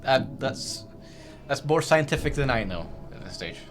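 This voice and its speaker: A man with a medium-pitched, animated voice hosts a livestream quiz game at a normal speed. He teases and jokes throughout, tripping over his words and restarting often in this playful, casual hosting.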